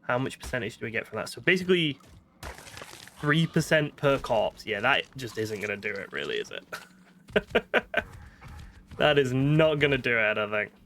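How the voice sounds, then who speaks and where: A man's voice: mid-range voice, sing-song, normal speed, long pauses, pushed and bright, a little hiss or hum. A man with a northern British accent chatting casually while playing a video game, thinking aloud and poking fun at himself. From northern Britain. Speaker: gaming streamer. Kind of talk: casual gameplay commentary.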